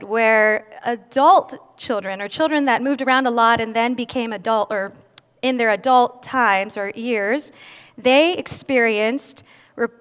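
A woman's voice: high-pitched, clean tone. A woman giving a candid personal testimony at a church service, with self-deprecating humor. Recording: long reverb of a large hall.

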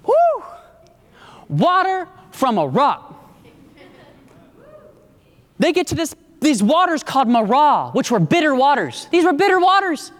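High-voiced preacher in an echoing hall. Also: male voice, huge pitch swings, normal speed, few pauses, a bit bright. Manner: call-and-response, emphatic, varied pace. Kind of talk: sermon. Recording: long echo of a large hall.

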